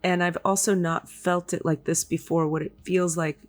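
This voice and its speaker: A woman hosting a podcast, speaking softly and reflectively, with frequent hums and sighs as she channels a spirit. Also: fairly low pitch, fairly even intonation, normal speed, faint music behind. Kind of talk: casual podcast talk.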